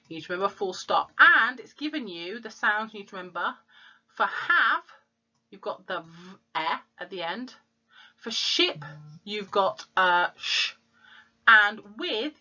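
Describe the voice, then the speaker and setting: Woman, teacher, phonics lesson, unhurried, bright tone, dull lo-fi sound. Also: medium pitch. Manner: slow, clear sounding-out of letters. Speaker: primary school teacher. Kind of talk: phonics lesson for young children.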